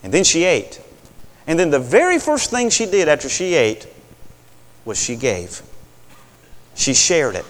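A preacher delivering a sermon, folksy and animated, his voice climbing high and swooping widely. The sound carries the long echo of a big hall, and he keeps asking for amens. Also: measured pace, long pauses.

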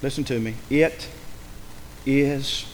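A man preaching a sermon, dramatic, dropping to a hush and rising to a shout. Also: fairly high pitch, expressive, normal speed, long reverb tail, a little hiss or hum.

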